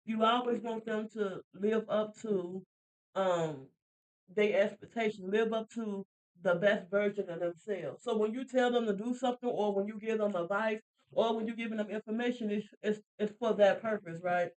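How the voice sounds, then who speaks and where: A woman's voice: mid-range voice, steady tone, moderate pace, darkish tone, low-quality recording. A woman in her thirties or forties co-hosting a casual faith podcast, chatty and repetitive, laughing easily. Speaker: podcast co-host.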